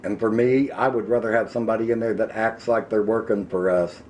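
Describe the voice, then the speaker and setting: A middle-aged man with an Ozarks accent and a somewhat low voice vents straight to camera. His delivery is heated and emphatic, and he drags out key words to press them home. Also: fairly even intonation, a little mellow, slight background noise. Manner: heated, emphatic, slows down to hammer points. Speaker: vlogger. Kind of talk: angry political rant to camera.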